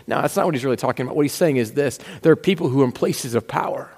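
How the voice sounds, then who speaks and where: A man's voice: medium pitch, racing, few pauses, a little mellow. A man preaching a sermon in a conversational, storytelling way, acting out little asides as he goes. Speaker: pastor. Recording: long hall reverb.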